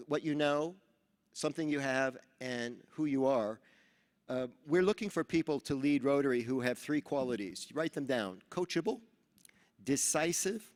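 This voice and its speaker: Man telling stories in a reverberant hall. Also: fairly high pitch. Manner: animated storyteller who acts out dialogue. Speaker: Rotary speaker at a training seminar. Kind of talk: motivational speech with storytelling. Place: large event hall.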